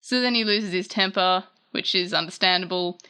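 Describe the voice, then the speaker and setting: A woman hosting a casual manga chapter recap, chatty and animated, often correcting herself mid-sentence. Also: fairly low pitch, moderate pace, clean tone.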